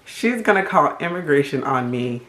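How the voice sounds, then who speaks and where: A middle-aged woman from Haiti, telling a storytime vlog story in an animated, emphatic and indignant way. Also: low voice, normal speed. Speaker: vlogger. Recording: roomy echo.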